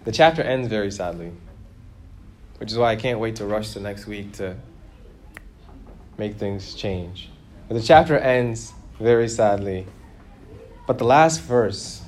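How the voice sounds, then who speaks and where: A man preaching a sermon, who asks his listeners questions and grows louder and higher when he makes a point. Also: a little hiss or hum. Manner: lively, rises in pitch and volume for emphasis, asks the congregation questions.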